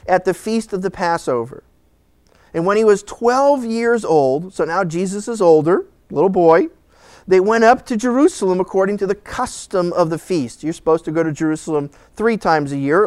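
Middle-aged guy preaching, high voice, dry close sound, acts out the story. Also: smooth, dry recording. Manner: animated storytelling, acting out voices with laughs. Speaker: pastor. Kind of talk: Bible teaching sermon.

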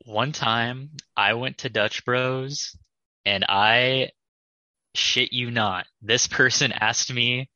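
A young man chatting casually, telling animated stories and laughing often. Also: medium pitch, takes it slowly, no echo, dull audio. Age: young adult. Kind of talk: casual chat.

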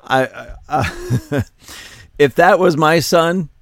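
A man reads a news piece aloud and talks it over, and he keeps cracking up with laughter. His voice is gravelly with a crackle at the low end. The mic is close and the room is dry, with no echo. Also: drawn-out words. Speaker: commentary channel host. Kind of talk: reading news and commenting.

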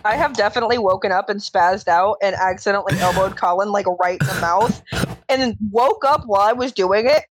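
A woman's voice: mid-range voice, a little fast, slight background noise, rough recording. Woman telling rowdy anecdotes. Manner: animated storyteller, swears freely. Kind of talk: casual podcast banter.

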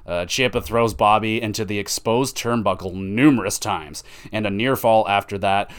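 A young man hosting a wrestling podcast, casually recapping matches with excited outbursts and plenty of swearing. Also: fairly low pitch, normal speed. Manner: excitable, swears freely, ranting.

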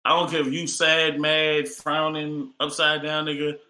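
A man's voice: fairly high pitch, completely flat delivery, a little slow, sharp tone, echoey room. A man co-hosting a podcast in casual, profane chat, joking and upbeat. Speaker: podcast co-host.

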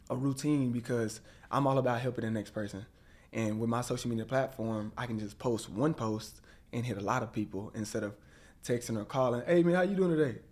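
A man telling a story in an interview, his pitch sitting in the middle of the male range. He is animated and does the voices of the people he quotes as he goes. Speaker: guest.

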